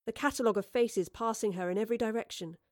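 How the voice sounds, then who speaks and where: Expressive woman reading an audiobook. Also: fairly high pitch, fast talker, no echo, studio quality. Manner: expressive, animated character reading. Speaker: audiobook narrator. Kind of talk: scripted narration.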